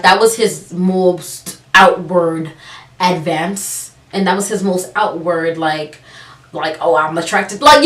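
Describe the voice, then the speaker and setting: A young woman telling a personal story on her vlog, sarcastic and animated, acting out the people she quotes. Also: mid-range voice. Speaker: vlogger. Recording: roomy, from a distance.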